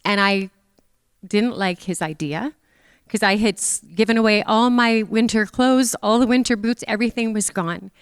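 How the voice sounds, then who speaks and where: A woman's voice: mid-range voice, normal speed, smooth, no echo, in a large hall. A middle-aged woman from Canada giving a tearful, heartfelt memorial tribute to her mother in a church. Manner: tearful, emotional, speaks of feelings openly.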